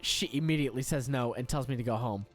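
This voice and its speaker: A man reading an online story aloud in a deadpan way, sometimes breaking into laughter. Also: medium pitch, fast, no echo, soft background music. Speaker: story reader.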